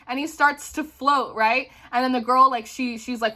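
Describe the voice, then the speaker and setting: Bright-voiced woman giving a chatty tarot reading. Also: high-pitched, steady tone, fairly quick, few pauses. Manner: chatty, many "like" fillers and "right?" tags. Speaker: tarot reader. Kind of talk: casual spoken tarot reading.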